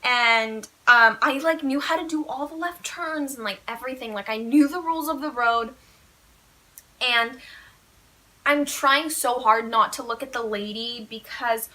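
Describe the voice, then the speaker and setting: In a casual storytime vlog, a teenage girl eagerly tells her viewers a story, chatty and animated, dropping "like" into nearly every phrase. Her high voice sounds bright and sharp, and her pace is unhurried.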